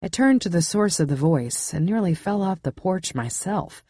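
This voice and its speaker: Close on a studio mic, this woman narrates a first-person thriller audiobook, her low voice measured, intimate, and husky. Her delivery is animated yet dark in tone, and the sound is dry, with no room in it at all.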